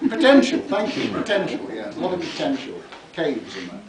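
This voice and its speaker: An author reads theatrically from his own book, savouring each word and letting his pitch swing widely. He is heard from a distance in an echoey library room, with faint ambience behind him. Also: wildly swooping pitch, fairly quick, noisy background. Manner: theatrical, relishing words, chuckling at his own lines. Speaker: author giving a reading. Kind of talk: reading from his book with spoken asides. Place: public library talk. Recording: echoey room, mic far off.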